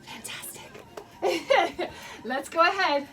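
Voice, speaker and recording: A woman's voice: very high voice, expressive, unhurried, a bit bright, faint music behind. A woman teaching children a dance storytime from her basement, playful and encouraging, laughing often and making animal sounds. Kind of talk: guided movement storytime for kids. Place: home basement.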